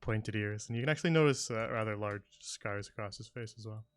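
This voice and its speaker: A man narrating a tabletop game as game master in a relaxed, hesitant way. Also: fairly low pitch, fairly quick, smooth, dry recording. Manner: relaxed, hesitant with many "uh" and "kinda".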